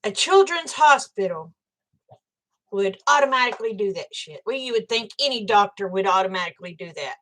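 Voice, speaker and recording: A woman's voice: mid-range voice, lively intonation, a little fast, fairly bright tone. An older woman, chatting with viewers on a livestream, angry and blunt and swearing freely. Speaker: livestream host. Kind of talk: casual livestream chat with viewers.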